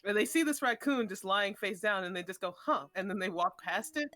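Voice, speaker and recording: A woman's voice: medium pitch, expressive, fairly quick, fairly bright tone, no room sound, faint music behind. A woman in casual chat, retelling a tabletop game session with many fillers and restarts.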